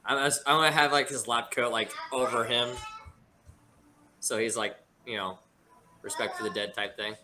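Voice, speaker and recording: A man's voice: medium pitch, fairly even intonation, normal speed, long pauses, noisy background. A man playing a tabletop game, talking casually in character with a dry, joking manner. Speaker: player.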